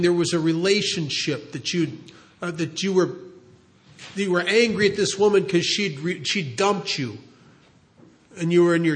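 A man telling a long recovery story in a halting way, repeating words and slowing down to stress key moments. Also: fairly high pitch, fairly bright tone. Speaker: recovery speaker. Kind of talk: storytelling talk.

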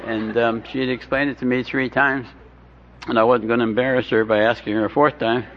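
A man's voice: medium pitch, flat delivery, a little fast, a faint crowd. A man telling his recovery story with wry, self-deprecating humor, often stumbling and restarting his sentences. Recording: dull lo-fi recording with faint hiss.

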